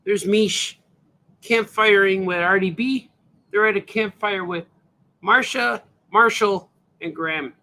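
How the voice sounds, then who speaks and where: A man's voice: high-pitched, slow pace, bright, forceful tone. A man, a cartoonist, chatting casually and rambling on a livestream while showing his comic pages, often saying "hey, man.". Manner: laid-back, rambling, says "hey, man" a lot.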